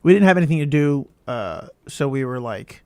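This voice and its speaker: A man's voice: mid-range voice, lively intonation, moderate pace, dark tone, no room sound. A young man co-hosting a podcast in casual chat, telling stories loosely, saying "dude" and cursing freely. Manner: casual storyteller, curses freely, says "dude". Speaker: podcast co-host.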